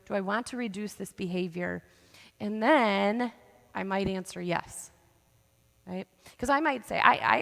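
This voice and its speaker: A woman counselor speaks to a church audience in a lively teaching style, often checking in with "right?". Her voice has a gravelly fry at a middle pitch. The sound carries the long reverb of a church hall. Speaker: counselor giving a talk. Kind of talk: church presentation.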